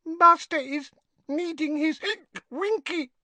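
A man voicing a drunk, tearful, fiercely loyal female house elf with a squeaky voice and broken grammar, in an audiobook. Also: fairly even intonation, slow, bright, forceful tone, no room sound, exaggerated voice. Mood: whimpering. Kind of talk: audiobook character voice.

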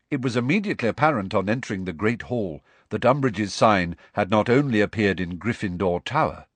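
A man's voice: on the low side, no echo. A man narrating a storybook expressively as an audiobook reader. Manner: expressive storytelling that shifts voice for each character. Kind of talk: scripted narration.

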